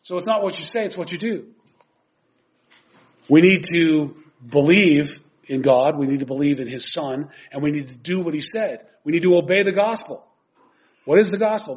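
A man delivers an earnest, emphatic sermon in a fairly high voice. He explains scripture point by point. The recording sounds dull and lo-fi. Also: animated, normal speed. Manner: earnest, emphatic preaching, reading scripture aloud. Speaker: preacher.

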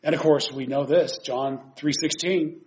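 A man delivers an earnest, emphatic sermon in a fairly high voice. He explains scripture point by point. The recording sounds dull and lo-fi. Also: fairly even intonation, unhurried, darkish tone. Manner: earnest, emphatic preaching, reading scripture aloud. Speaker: preacher.

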